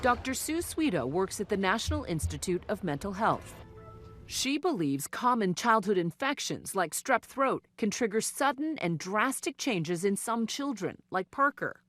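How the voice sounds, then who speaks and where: A woman narrating a news feature in a measured, serious scripted delivery. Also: mid-range voice, very animated. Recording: voice-over with loud music bed.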